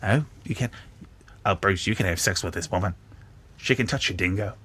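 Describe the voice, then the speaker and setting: Man doing a bad-on-purpose Australian accent for a dopey censor, low and quiet, comedic bit. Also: moderate pace, breathy edge. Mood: bemused. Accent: mock Australian accent. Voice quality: exaggerated, goofy. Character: bumbling Australian male game rating official.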